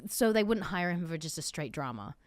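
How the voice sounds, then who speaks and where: A woman's voice: low voice, big pitch swings, a little fast, no room sound. A woman in her thirties, born in South Africa, hosting a podcast with a mixed Australian and American accent, talking animatedly and swearing casually. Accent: Australian with American mix. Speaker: podcast host. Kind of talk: casual interview chat.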